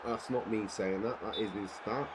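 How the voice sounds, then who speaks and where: A man's voice: fairly low pitch, steady tone, normal speed, very noisy. A man streaming a football management game, giving casual live commentary and cheering and groaning at the screen.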